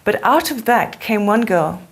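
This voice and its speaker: A woman's voice: medium pitch, expressive, a little slow, husky. A middle-aged woman with a speech defect, talking earnestly as an interview guest and telling stories. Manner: earnest and storytelling. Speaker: interview guest, spiritual teacher. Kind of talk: conversational interview.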